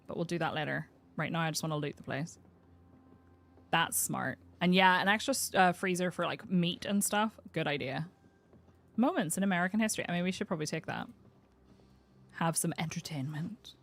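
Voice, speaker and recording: A woman's voice: on the low side, fairly quick. Chatty woman streamer. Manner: chatty, talks to her game character, swears casually. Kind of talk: gameplay commentary.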